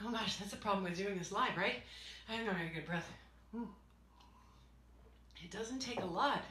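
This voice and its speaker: A woman's voice: medium pitch, a bit bright, echoey room. A woman leading a live dance class, calling out short movement cues and laughing often, later out of breath. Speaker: dance and wellness instructor.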